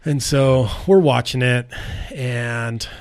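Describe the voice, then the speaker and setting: A man's voice: mid-range voice, slow, smooth, no echo, studio quality. Laid-back man telling a race story. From South Dakota. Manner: laid-back, heavy on "like" and "dude", animated retellings. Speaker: bike race mechanic, podcast guest. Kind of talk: casual storytelling interview.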